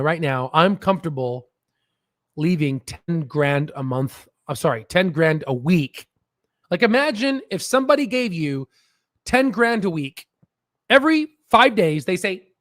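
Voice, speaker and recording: Excitable male stream host, high-pitched, dry close sound, profane and mocking. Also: no room sound. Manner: excitable, swears, mocks in shrill put-on voices. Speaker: stock market livestream host. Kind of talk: casual livestream rant.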